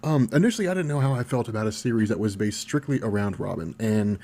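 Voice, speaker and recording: A young man hosting a casual live stream Q&A about comics, chatty and quick to laugh, reading viewer questions aloud. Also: fairly low pitch, warm tone. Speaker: comics channel host.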